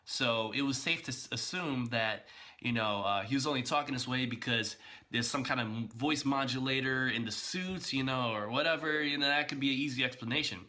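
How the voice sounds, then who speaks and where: A man giving casual, animated reaction commentary as a video blogger, chatty and full of fillers and restarts. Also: mid-range voice, fairly quick.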